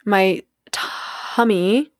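A woman's voice: mid-range voice, extremely slow, dry recording, studio quality. A young adult woman hosting a solo podcast, talking in a reflective, candid way, laughing often and acting out the voices in her head. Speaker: podcast host.

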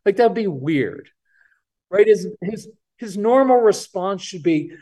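A man's voice: high voice, measured pace, slightly rough. A man on a podcast as a parenting coach guest, talking casually and acting out what kids and parents say. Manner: animated, acts out kids' and parents' lines.

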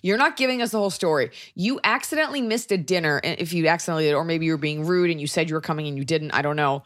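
A woman's voice: low-pitched, racing, a bit bright. Blunt, opinionated woman comedian. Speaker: podcast co-host and comedian. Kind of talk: casual chat.

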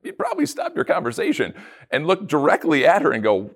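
A man, a pastor, giving a casual devotional talk with animated storytelling and playful asides. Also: fairly high pitch, a little fast, creaky.

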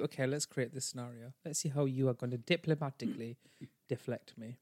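A man co-hosting a casual podcast, teasing and animated, on a close podcast mic. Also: mid-range voice, a little fast, no echo. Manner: teasing, animated, jumps into playful role-play. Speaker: podcast co-host. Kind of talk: casual chat.

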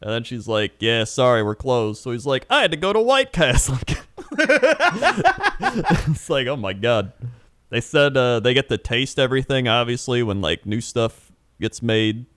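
A young man chatting casually and telling an animated story, acting out quotes and laughing often. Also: medium pitch, measured pace, long pauses, smooth, no room sound, clean studio sound. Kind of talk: casual chat.

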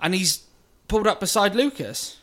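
A man's voice: sits high, big pitch swings, normal speed, fairly bright tone. A man, a podcast co-host, telling a sweary road story in casual chat and acting out both sides of the argument. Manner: swearing anecdote teller, acts out both sides of a row.

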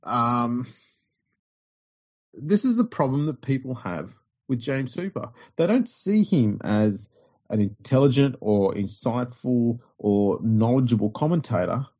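A man's voice: medium pitch, very animated, unhurried, a little mellow. A man co-hosting a podcast, ranting bluntly with plenty of swearing. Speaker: podcast co-host. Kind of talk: casual podcast chat. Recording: dull lo-fi podcast audio.

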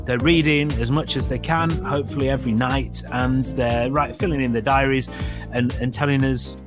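A man's voice: mid-range voice, fairly even intonation, normal speed, music in the background. A man hosting a podcast, reading sponsor plugs in a rambling, self-mocking way with many fillers. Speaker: podcast host. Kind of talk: casual chat with ad reads.

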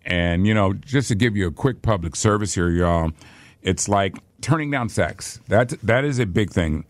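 A man hosting a radio morning show, bantering in a playful, wry way with quick asides. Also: lowish voice, animated, no room sound.

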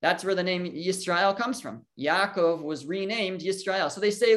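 A teacher works through a Torah lesson out loud. The talk moves from question to answer, stopping to translate Hebrew terms along the way. The voice sits at a middle pitch. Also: normal speed. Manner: thinks aloud, poses questions and answers them.

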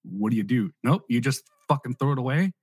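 A man's voice: medium pitch, animated, brisk, a little mellow, breathy edge, no echo. A man co-hosting a podcast, chatting casually, laughing easily and rambling as he thinks aloud. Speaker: podcast co-host.

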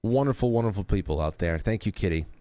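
A man's voice: fairly low pitch, lively intonation, fast talker, dark tone, no echo. A man hosting a casual live talk show who reads out viewer messages and rambles with restarts and profane asides. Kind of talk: casual live-stream talk, reading super chats.

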